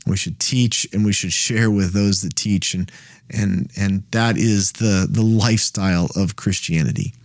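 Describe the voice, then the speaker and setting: A man's voice: on the low side, fairly even intonation, a little slow, darkish tone, dry recording, clean studio sound. A man hosting a Bible study, teaching in a conversational way and checking in with frequent "right?" questions and restarts.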